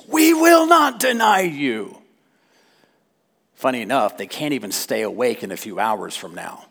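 A male preacher delivering a sermon in a slow, unhurried way. His pitch swings widely as he acts out quoted lines and adds dry humorous asides. He is speaking in church. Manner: animated, with wry asides and dramatic quotes.

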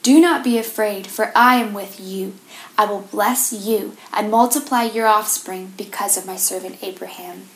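A woman giving a devotional talk, reading scripture and reflecting on it in a measured, gentle way. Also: medium pitch. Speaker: devotional speaker. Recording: roomy echo.

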